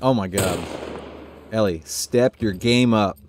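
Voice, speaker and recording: Male gaming streamer, lower voice, chatty and self-mocking, noisy stream sound. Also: takes it slowly. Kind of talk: casual let's-play commentary.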